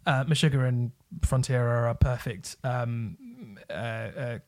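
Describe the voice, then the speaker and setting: A man's voice: medium pitch, steady tone, a little slow, darkish tone. A man hosting a casual chat, enthusiastic and freely swearing, with plenty of ums and uhs.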